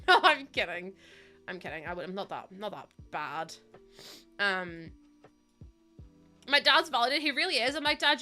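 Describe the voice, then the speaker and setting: A woman's voice: mid-range voice, pushed and bright. A young woman live streaming, chatty and giggly as she greets viewers, sounding sniffly and close to tears. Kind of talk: casual live-stream chat.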